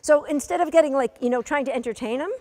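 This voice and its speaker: A woman instructing a dog training class, giving brisk, matter-of-fact commands to a dog and its handler, sometimes teasing. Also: high-pitched, dark tone. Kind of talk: coaching a live training session. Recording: long reverb of a large hall.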